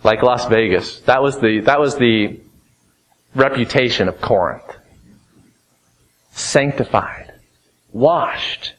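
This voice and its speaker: A man preaching a sermon, emphatic, rising to fervent peaks and dropping to low, grave tones. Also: a bit bright, low-quality recording.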